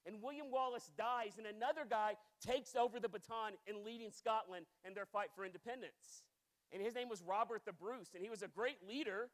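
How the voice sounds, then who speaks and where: A man's voice: high-pitched, fairly quick, fairly bright tone. A man in his thirties preaching a sermon with passion, often repeating words as he builds intensity. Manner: impassioned, repeats words when worked up.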